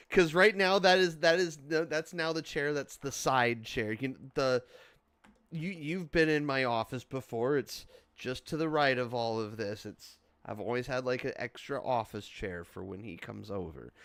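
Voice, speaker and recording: A man's voice: medium pitch, unhurried, a bit bright, no room sound. A man co-hosting a casual chat podcast, joking around in a playful way. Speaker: podcast co-host.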